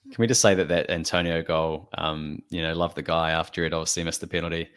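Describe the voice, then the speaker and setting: Low-voiced man in teasing football banter. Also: flat delivery, fast, a bit bright, clear, resonant tone. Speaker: podcast co-host. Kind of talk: casual football chat.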